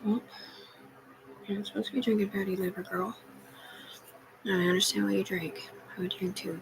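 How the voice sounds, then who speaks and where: A woman's voice: medium pitch, steady tone, normal speed, vocal fry, background noise. Agitated, profane woman livestreaming. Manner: profane, agitated, jumps between topics. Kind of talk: rambling live-stream monologue.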